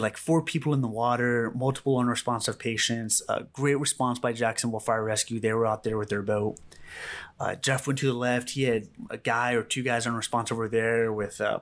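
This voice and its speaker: A man, a rescue medic, giving a calm first-hand account in an interview, halting and full of fillers and repeats. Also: mid-range voice.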